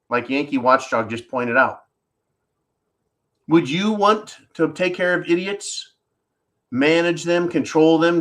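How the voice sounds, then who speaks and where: A man's voice: fairly high pitch, fairly bright tone. Blunt, profane ranting man. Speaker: livestream host. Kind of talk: ranting political commentary.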